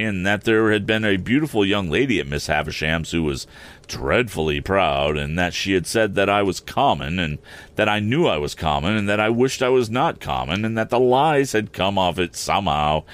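A man narrates a classic novel aloud in a very low voice that still moves a lot in pitch. He reads expressively and stops now and then to correct a slip. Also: moderate pace. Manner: expressive, with occasional self-corrections. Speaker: audiobook reader.

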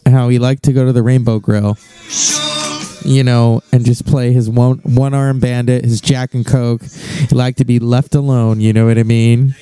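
A man hosting a podcast, talking in a musing, unhurried way. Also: medium pitch, flat delivery, over music. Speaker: podcast host. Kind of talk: casual podcast commentary.

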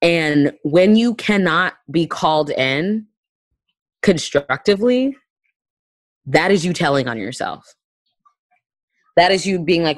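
A woman's voice: low-pitched, animated, measured pace, dry recording, poor audio. A woman comedian talking in a casual conversation, emphatic and blunt, with bursts of profanity.

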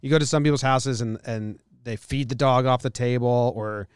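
A man's voice: medium pitch, steady tone, normal speed, clear, resonant tone, no echo, clean studio sound. Rambling, laughing man on a podcast. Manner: laid-back, rambling, laughs often. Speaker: podcast host. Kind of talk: casual chat. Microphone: studio mic.

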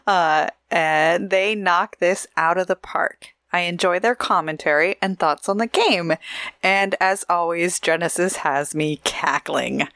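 A woman's voice: on the low side, slow pace, fairly bright tone, no echo, studio quality. A woman from Oregon co-hosting a podcast in casual, chatty talk, laughing often. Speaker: podcast co-host.

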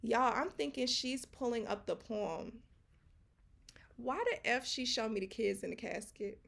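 Gravelly woman telling a story. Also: a little high, a little slow. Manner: animated storytelling with quoted dialogue and asides; casual slang fillers. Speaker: podcast co-host. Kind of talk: casual chat.

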